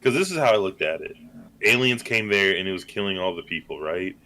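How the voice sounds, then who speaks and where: A man's voice: deep voice, expressive, fairly quick, pushed and bright. A man co-hosting a movie podcast, chatting casually and rambling with lots of fillers and tag questions. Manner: laid-back, rambling, lots of "like" and "right?". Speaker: podcast co-host. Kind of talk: casual chat.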